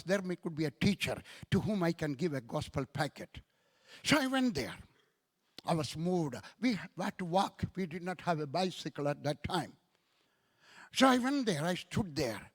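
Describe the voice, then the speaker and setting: A man with an Indian English accent preaching a sermon, telling emphatic stories with lots of repetition and quoted dialogue. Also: fairly high pitch. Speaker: guest preacher. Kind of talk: sermon storytelling.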